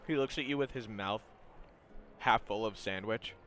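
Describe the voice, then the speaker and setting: A man narrating as game master of a tabletop game, in a relaxed way with lots of fillers. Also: lowish voice, normal speed. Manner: relaxed, filler-heavy narration with frequent laughs.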